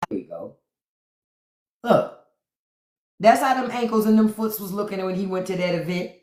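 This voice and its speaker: A woman's voice: mid-range voice, normal speed, darkish tone. A woman hosting a live stream, giving casual, sassy commentary straight to her viewers. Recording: echoey room.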